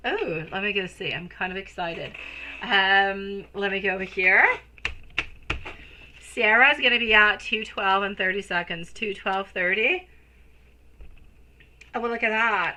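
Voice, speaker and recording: Bright gushing woman tarot reader. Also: medium pitch, measured pace, pauses often, low-quality recording. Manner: gushing, endearing, calls viewers sweetie and my love. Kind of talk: live-stream tarot reading.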